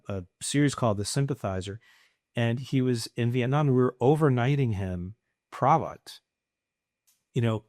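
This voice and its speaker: A middle-aged man, an entrepreneur guest on a podcast, telling casual stories with lively anecdotes and acted-out dialogue. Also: mid-range voice, no echo, clean studio sound.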